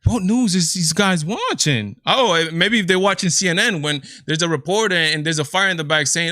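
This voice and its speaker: A man's voice: high-pitched, moderate pace, few pauses, bright, forceful tone, no echo, clean studio sound. A man with a Latino accent hosting a political commentary livestream, exasperated and incredulous, firing off rhetorical questions. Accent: Latino English. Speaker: show host.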